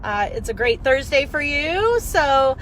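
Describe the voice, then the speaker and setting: Chatty high-voiced woman on a car drive. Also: unhurried, slight background noise, poor audio. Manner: chatty, rambling, energetic storyteller. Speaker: business coach. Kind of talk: casual live video chat.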